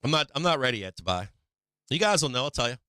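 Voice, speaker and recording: A man's voice: mid-range voice, sing-song, quick pace, sharp tone, clear, resonant tone, no room sound. A man, hosting a livestream about the stock market, casually chatting and joking with his viewers, swearing and laughing a lot. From Massachusetts. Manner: profane, laughs often, joking with chat.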